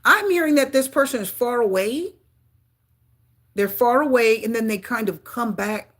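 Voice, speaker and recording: A woman giving a live tarot reading to her viewers, talking in an excitable way with frequent exclamations. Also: a little high, moderate pace. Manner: excitable, gasping and exclaiming at cards. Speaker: tarot reader.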